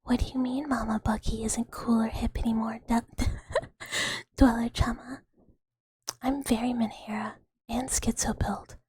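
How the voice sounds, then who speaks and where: A woman's voice: on the high side, level tone, a little slow, long pauses, a little mellow, breathy edge, dry recording. A woman voicing a melodramatic, bossy mother mouse in a theatrical whispered role-play. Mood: melodramatic sad. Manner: theatrical, pleading then commanding.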